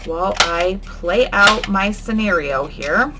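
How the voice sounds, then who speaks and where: With lively intonation and a medium pitch, this woman takes her time as she hosts a crafting vlog. She chats casually, humming and muttering to herself as she works, against noticeable background noise.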